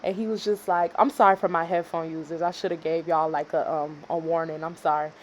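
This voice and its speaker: A woman in her twenties from Houston, Texas, telling a casual storytime vlog in a dramatic way that swings from loud reenactment to quiet asides. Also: low voice, steady tone, brisk, a little hiss or hum. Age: 20s. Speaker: storytime vlogger.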